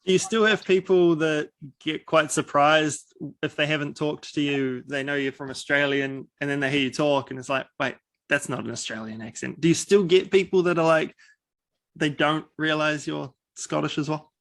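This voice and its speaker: A man asks interview questions, hesitating and filling the pauses with "uh." His voice is gravelly and stays flat in pitch. The sound is dry and close, with no room echo. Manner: hesitant, lots of filler "uh". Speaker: sports show host.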